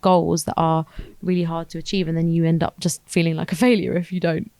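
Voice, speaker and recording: A woman's voice: sits low, level tone, a little fast, darkish tone, clean tone, no echo. A woman co-hosting a podcast, chatting casually and rambling as she thinks aloud. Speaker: podcast co-host. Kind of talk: casual chat.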